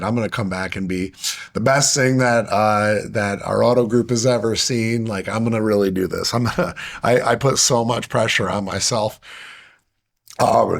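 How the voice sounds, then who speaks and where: A man earnestly recounting a hard personal story as a podcast guest, halting with restarts and fillers. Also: fairly low pitch, creaky.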